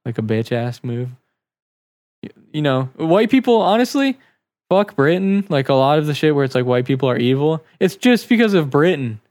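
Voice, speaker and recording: An American man trading crude jokes on a podcast. He swears constantly and talks loud and loose. His voice is smooth, and the sound is dry and close. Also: on the high side, very animated, normal speed, no room sound. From United States. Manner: loud, joking, swears a lot. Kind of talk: crude casual banter.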